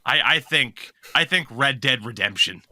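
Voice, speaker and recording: A man hosting a casual hockey podcast, chatty and quick to laugh. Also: medium pitch, no echo, studio quality. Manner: chatty, laughs often, animated storytelling. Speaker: podcast host.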